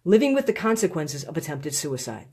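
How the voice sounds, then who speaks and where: A woman's voice: sits low, big pitch swings, a little mellow, slightly rough. Woman earnestly reading her own book aloud. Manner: pleading, heartfelt, slow deliberate phrasing. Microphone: phone or webcam on a live stream.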